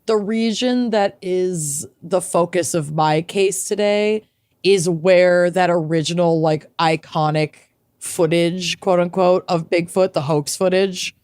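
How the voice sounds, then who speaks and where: A woman co-hosts a podcast in casual, playful chat. Her voice sits a little low and she talks slowly, drawing out words for effect. The sound is dry and close, with faint music underneath. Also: a little mellow, clear, resonant tone, no echo. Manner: chatty, playful, drawn-out emphasis. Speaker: podcast co-host.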